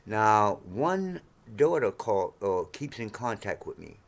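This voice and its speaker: A man in his sixties ranting to camera in a profane, heated monologue, swinging between low mutters and sudden shouts. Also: big pitch swings, slow pace, creaky. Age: 60s. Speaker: vlogger.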